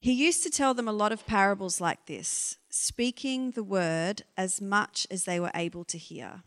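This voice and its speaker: A woman preacher gives an informal sermon, candid and conversational, asking frank, exasperated questions. Her voice is medium in pitch at a moderate pace, and the hall's long reverb trails after it.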